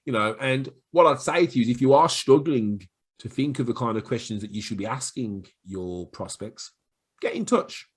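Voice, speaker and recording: Husky Black Country man coaching sales. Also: mid-range voice. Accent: Black Country English. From Black Country, England. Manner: chatty, animated, acts out quick voices of callers and himself. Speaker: sales trainer. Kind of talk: talking-head sales advice to camera.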